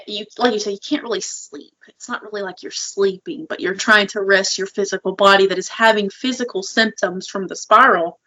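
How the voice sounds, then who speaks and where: Bright-voiced woman, earnest and open. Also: medium pitch, rough recording. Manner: earnest and openly emotional. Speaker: podcast co-host. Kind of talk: casual conversational chat.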